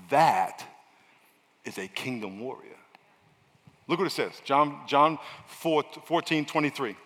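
Bright-voiced pastor preaching in an echoing hall. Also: male voice, medium pitch, slow pace, pauses often. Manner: energetic preaching, swinging from loud shouts to quiet asides. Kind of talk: sermon. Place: large church hall. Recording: long echo of a large hall.

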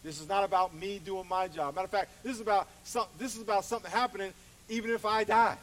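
High-voiced pastor preaching from a distance. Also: male voice, quick pace. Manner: animated, acts out voices, calls for congregation responses. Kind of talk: sermon. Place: church hall. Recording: distant mic with faint hiss.

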